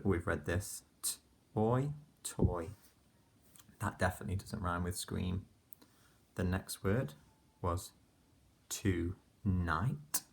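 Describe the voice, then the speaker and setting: A deep-voiced male teacher takes his time, drawing out each letter sound as he walks little ones through a rhyming lesson. His voice is low and slightly husky, gentle and unhurried, with warm praise between the words. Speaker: primary school teacher. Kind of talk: phonics lesson for young children.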